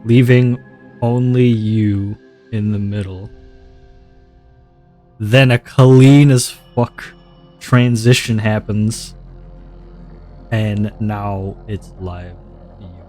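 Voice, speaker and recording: A male streamer talks loosely to his viewers in a lowered, laid-back voice that sits on the deep side. He rambles and restarts his sentences often, with soft music playing faintly behind him. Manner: deliberately relaxed low voice, rambling with repeated restarts. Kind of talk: casual livestream chat.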